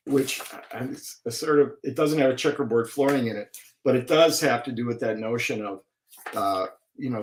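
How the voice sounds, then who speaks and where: A man with a Wisconsin accent talking reflectively and at length in a casual conversation, with drawn-out vowels. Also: medium pitch, slight background noise. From Wisconsin, USA. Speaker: guest artist. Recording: roomy echo.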